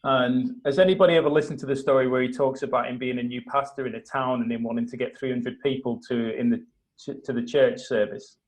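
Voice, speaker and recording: A man hosting a live video call, retelling a story with lively acted-out quotes and a few restarts. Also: medium pitch, quick pace, rough recording. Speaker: host of a mastermind call.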